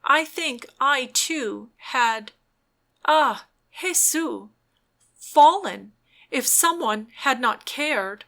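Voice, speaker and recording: A woman voicing an earnest, pious young noblewoman in a storybook, speaking in a hushed, pleading, wistful way. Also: high-pitched, expressive, extremely slow, gravelly, voice pushed up, full character voice.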